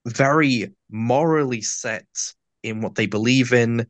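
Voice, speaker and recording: A man's voice: mid-range voice, a little slow, dry recording. A man with a lisp, a guest on an interview, giving long and detailed explanations in a casual chat. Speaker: audio drama actor, guest.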